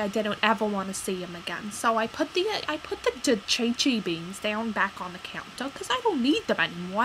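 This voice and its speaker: A woman's voice: mid-range voice, noisy background, close to an everyday voice. A woman playing a touchy, rambling mother who is proud of her Italian heritage, with lots of fillers and defensive outbursts in a comic character monologue. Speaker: character vlogger.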